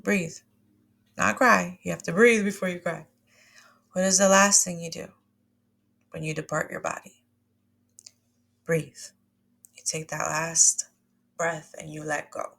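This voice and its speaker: A woman's voice: on the low side, flat delivery, measured pace, gravelly, long pauses, a bit bright. A woman wellness coach leading a guided breathwork lesson, talking to listeners in an encouraging, conversational way and calling them "my loves" and "y'all".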